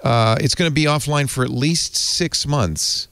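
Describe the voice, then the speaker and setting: A man hosting a tech podcast, chatting casually and reading an ad in a rambling, animated way. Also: medium pitch, unhurried, no room sound. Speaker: podcast host. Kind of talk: casual tech podcast chat and live ad read.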